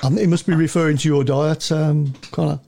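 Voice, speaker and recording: A man co-hosting a casual podcast, jokey and quick to laugh. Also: fairly high pitch, fairly even intonation, gravelly, warm tone. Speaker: co-host.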